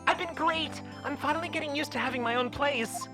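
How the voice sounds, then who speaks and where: A woman's voice: high voice, brisk, over music, natural voice. A woman voicing a cheerful, teasing young woman talking to her older sister. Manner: playful, teasing.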